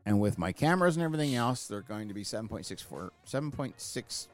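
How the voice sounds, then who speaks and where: A man's voice: on the low side, expressive, fast, soft background music. A man hosting a podcast, ranting in a casual, profane chat. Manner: ranting, heavy swearing. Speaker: podcast host.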